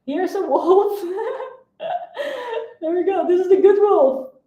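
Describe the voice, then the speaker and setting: A woman's voice: very high voice, slow, dull audio. A woman mentor speaking on a motivational live video, earnest and emphatic, often repeating her key phrases.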